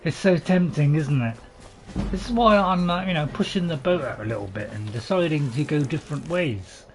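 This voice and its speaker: A man's voice: a little high, lively intonation, normal speed. A man hosting a gaming channel, giving chatty, self-deprecating commentary with dry jokes and a lot of hesitation. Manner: hesitant, with many fillers and restarts. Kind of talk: gameplay commentary.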